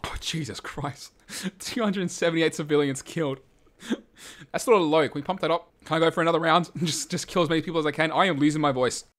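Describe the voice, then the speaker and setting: A young man commentating on gameplay, yelling, swearing and laughing, going hoarse. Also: on the high side, fast talker. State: hoarse from screaming. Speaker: gaming video host.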